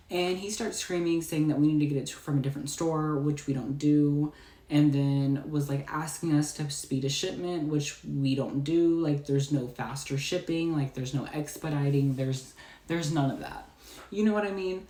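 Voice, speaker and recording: A woman's voice: sits low, a little slow, mellow. A woman telling a storytime vlog in a chatty way, full of "like". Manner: chatty, heavy use of "like", retelling a rant. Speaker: storytime vlogger. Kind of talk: casual storytelling. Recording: echoey room, mic far off.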